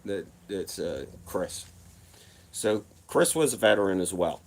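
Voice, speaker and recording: A man's voice: deep voice, measured pace. Profane, rambling man. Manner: profane, rambling, animated retelling. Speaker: vlogger telling a personal story. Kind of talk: casual storytime monologue.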